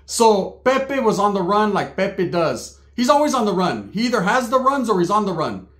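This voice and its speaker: Man, comic storyteller, crude slangy delivery, higher register. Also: very animated, normal speed, fairly bright tone. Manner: slangy, crude, laughing asides. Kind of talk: comedic storytelling. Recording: roomy echo.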